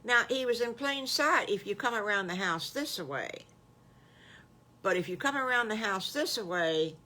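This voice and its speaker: An older woman, a great-grandmother, improvising a children's story in a gentle, folksy, homespun way. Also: medium pitch.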